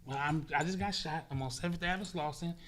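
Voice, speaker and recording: A man, a podcast guest, telling a vivid, profane story in casual talk, acting out sounds and swinging between loud bursts and hushed murmurs. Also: a little high, fast, a little hiss or hum.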